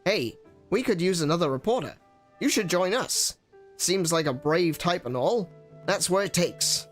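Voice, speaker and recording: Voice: mid-range voice, expressive, a little slow, soft background music, pitched above the performer's own voice, natural voice. A streamer voicing a cheery male bird newspaper reporter in a fan-voiced game playthrough, talking in an old-time American newsreader manner. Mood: brisk, upbeat.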